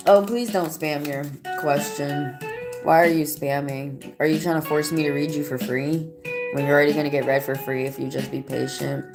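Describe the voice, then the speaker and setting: A tarot reader gives a casual live-stream reading, answering viewer comments aloud in a loose, rambling way full of fillers and restarts. Her voice is deep, with fairly even intonation and normal speed. Music plays behind her.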